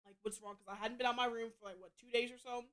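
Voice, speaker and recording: A woman's voice: fairly high pitch, steady tone, racing, a bit bright. A young adult woman streamer in casual chat, blunt and rambling, cussing freely. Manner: blunt and heavy on profanity; rambling with frequent restarts.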